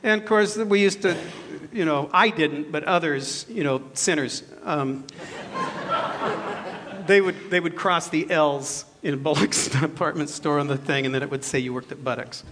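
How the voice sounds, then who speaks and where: A man in his fifties, a pastor, preaches a sermon and tells a personal story in a jokey, self-deprecating way. His voice is fairly high and his pace measured, and he's animated, moving between loud and soft. There's noise in the background.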